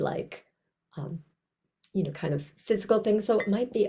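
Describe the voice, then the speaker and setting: A woman presenting a trauma training over a video call, teaching in a gentle, reflective, conversational way with soft self-talk asides. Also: fairly low pitch, measured pace.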